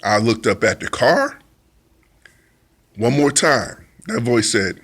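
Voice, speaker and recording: A man's voice: mid-range voice, big pitch swings, slow pace, fairly bright tone. A man telling a personal testimony in a vivid storytelling way, acting out his own side of an argument in plain informal speech. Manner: informal speech with dialect grammar. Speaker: testimony speaker.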